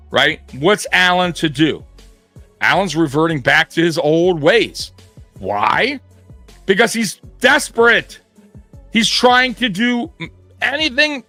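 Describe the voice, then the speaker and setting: A man's voice: sits high, bright, forceful tone, no room sound. A man hosting a sports show, ranting in a blunt, profane, fired-up way. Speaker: sports podcast host. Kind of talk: heated sports rant.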